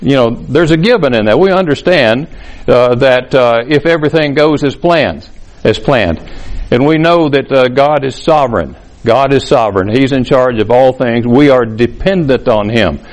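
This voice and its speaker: A man preaching a sermon, explaining scripture in a measured, teaching way. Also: mid-range voice, expressive, low-quality recording. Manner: measured, explanatory, reads scripture aloud with emphasis. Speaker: pastor.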